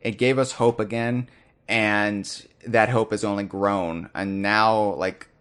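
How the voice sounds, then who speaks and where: A man's voice: on the low side, steady tone, takes it slowly, fairly bright tone, clear, resonant tone. A man in his thirties hosting a podcast, speaking in a heartfelt, reflective way and often stopping to restart his sentences. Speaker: podcast host. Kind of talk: casual podcast chat.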